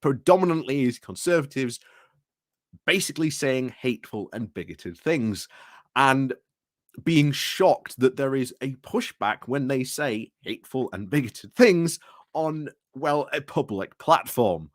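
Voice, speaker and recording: A man's voice: medium pitch, animated, a little slow, dry recording, studio quality. A British man hosting a casual livestream, rambling through commentary with restarts and greetings to chat, recorded indoors at home. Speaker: livestream host.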